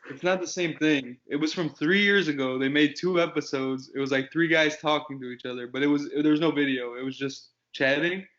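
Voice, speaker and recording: A man's voice: a little high, a little fast, few pauses, fairly bright tone. A man co-hosting a casual podcast, telling stories in a laid-back, laughing way. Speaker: podcast co-host. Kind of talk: casual chat. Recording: dull lo-fi sound.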